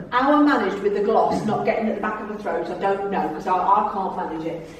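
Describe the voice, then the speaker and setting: A woman's voice: medium pitch, moderate pace, a little hiss or hum. A middle-aged woman, giving a chatty, humorous talk to a club audience about her years as a tour guide, telling anecdotes with a theatrical flair and frequent laughter. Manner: chatty, theatrical storyteller who laughs often. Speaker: guest speaker, former tour guide. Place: club meeting room. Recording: very echoey room, voice far from mic.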